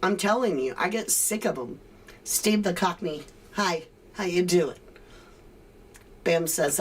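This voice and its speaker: A woman's voice: lowish voice, takes it slowly, pauses often, a little hiss or hum. A woman hosting a livestream, reading viewer comments and ranting sarcastically. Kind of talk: casual chat.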